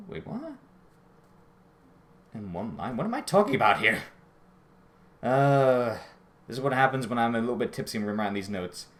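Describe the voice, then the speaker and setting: Rambling man reviewing an episode. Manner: rambling, self-correcting, often apologetic; voice jumps high when out of breath. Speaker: show reviewer. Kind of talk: casual spoken episode review.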